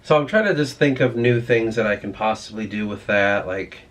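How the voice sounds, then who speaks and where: A man's voice: on the low side, normal speed. A man vlogging in a rambling, profane, ranting monologue.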